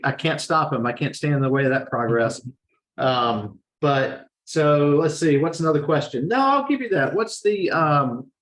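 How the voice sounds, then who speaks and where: A man hosting an online webinar from home, relaxed and chatty, with fillers as he talks. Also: fairly high pitch, echoey room. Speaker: webinar host. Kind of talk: casual webinar chat and housekeeping. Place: home room, lawnmower outside.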